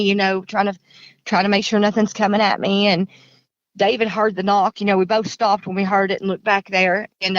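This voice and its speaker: A woman's voice: mid-range voice, no room sound, highs cut off. A woman with a Kentucky accent, a podcast caller telling her story in an earnest, rambling way that repeats itself. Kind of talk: casual storytelling.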